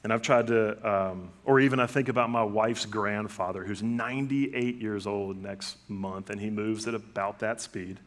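A middle-aged man preaching a sermon in a relaxed, conversational way, telling family stories and acting out what people say. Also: on the low side, moderate pace, few pauses. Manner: conversational storytelling with lively acted-out quotes. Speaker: pastor.

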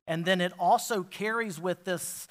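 Slow, high-voiced preaching man. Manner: swings from quiet, intimate asides to loud emphatic declarations; asks the congregation repeated rhetorical questions. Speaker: pastor. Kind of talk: sermon.

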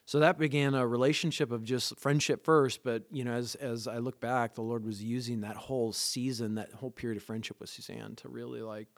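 A man's voice: mid-range voice, fairly quick, gravelly, few pauses, no room sound, clean studio sound. Earnest man telling his faith story. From Southern California. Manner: earnest, animated storytelling with many fillers. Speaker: guest sharing his conversion story. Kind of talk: casual conversational testimony.

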